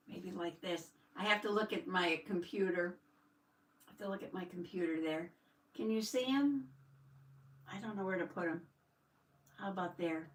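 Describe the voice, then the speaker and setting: An older woman chats casually on a live stream, greeting viewers with a folksy "howdy" and laughing often. Her voice is bright and forward. She sits back from the mic in an echoey room. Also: lowish voice, distant mic. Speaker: host of a live journaling stream.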